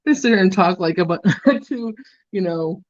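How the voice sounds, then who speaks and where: A young woman in casual chat, giggly and swearing freely, with a drawn-out way of talking. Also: medium pitch, expressive, dry recording, highs cut off.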